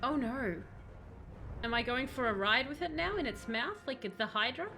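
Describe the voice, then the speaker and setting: A woman streaming a video game, chatting excitedly and talking to the characters on screen. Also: high-pitched, normal speed, faint music behind. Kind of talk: live gameplay commentary.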